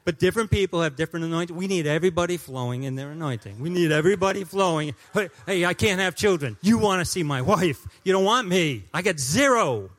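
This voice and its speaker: A man in his fifties preaching a sermon in a church as a guest pastor, joking and swinging between loud declarations and hushed asides. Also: fairly high pitch, lively intonation, quick pace, few pauses. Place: church sanctuary.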